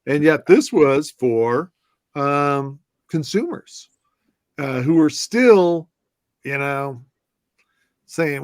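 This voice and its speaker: A man's voice: on the high side, extremely slow, long pauses, no echo, clean studio sound. Chatty man from telling stories. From southwest side of Chicago, US. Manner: animated anecdotes with many restarts and fillers. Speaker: former whisky brand ambassador, guest. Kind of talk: casual conversational storytelling.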